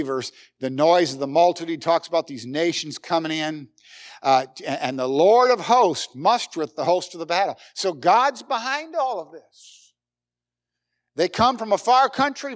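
A middle-aged man preaching a sermon, emphatic, with rhetorical questions and folksy jokes. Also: high-pitched. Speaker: pastor.

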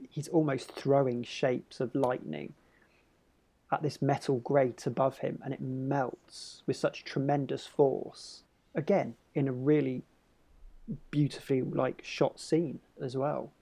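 A man with a gravelly voice discussing a film on a podcast, thoughtful and hesitant with frequent restarts. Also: medium pitch, steady tone, measured pace, warm tone. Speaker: podcast co-host.

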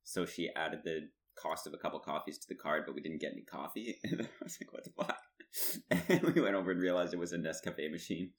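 Very low-voiced young man, laughing storyteller. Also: fast talker, creaky, few pauses. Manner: laughs often, animated storytelling. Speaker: podcast co-host. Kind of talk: casual chat.

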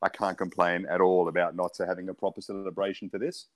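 Low-voiced sports broadcaster. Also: male voice, flat delivery, quick pace. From born in South Africa, raised in Perth. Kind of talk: casual podcast interview.

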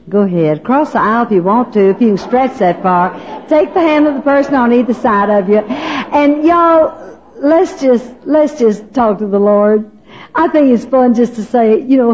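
An older woman gives a humorous Christian talk at a women's event, laughing often and telling folksy stories. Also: a little high. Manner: folksy, laughing, animated storytelling. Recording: dull, lo-fi live recording.

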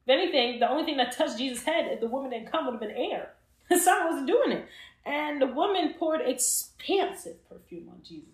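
A woman's voice: sits high, a little fast. A woman hosting a casual Bible study chat, retelling the story with jokes and slang. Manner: animated, joking, retells scripture in slang. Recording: roomy echo.

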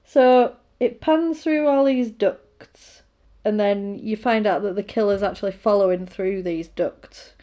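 A woman's voice: mid-range voice, a little slow, warm tone. A woman casually retelling a film plot, rambling with fillers and asides.

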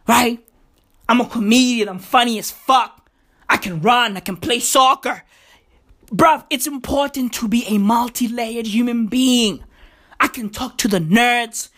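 A woman's voice: a little high, fairly bright tone. A woman in a casual monologue, boastful and profane, who keeps repeating the same catchphrases. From South Africa. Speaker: vlogger.

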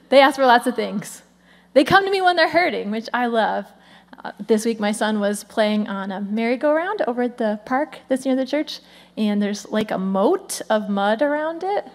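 A woman in her thirties, the lead pastor, giving a lively conversational sermon with frequent "come on" asides. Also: a little high, normal speed.

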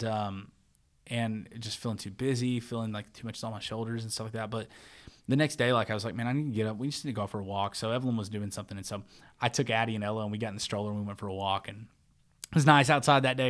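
Rambling, animated man telling a story. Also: lowish voice. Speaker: church media worker. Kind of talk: casual storytelling chat.

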